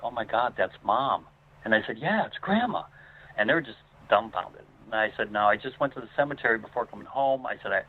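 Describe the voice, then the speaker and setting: Earnest man on a tinny phone line. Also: fairly low pitch. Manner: earnest, emotional telling with many pauses. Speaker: guest. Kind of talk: personal storytelling in conversation.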